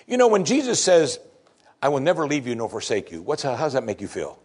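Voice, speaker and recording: A male pastor preaching a sermon, moving between quiet, reflective asides and sudden loud exclamations. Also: medium pitch, wildly swooping pitch, brisk, breathy edge.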